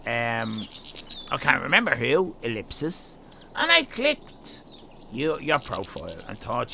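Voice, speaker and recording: A man's voice: mid-range voice, huge pitch swings, takes it slowly, vocal fry, bright, forceful tone, slight background noise. A man with an Irish accent, rambling and joking with his viewers in a casual live stream. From Northern Ireland. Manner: rambling, jokey, chatting to viewers.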